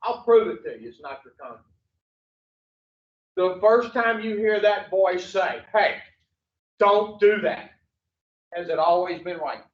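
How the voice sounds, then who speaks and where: A man's voice: high voice, lively intonation, moderate pace. Man, recovery counselor; blunt, profane group lecture full of rhetorical questions; distant, muffled, roomy recording. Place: echoey group room. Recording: distant, echoey, dull room recording.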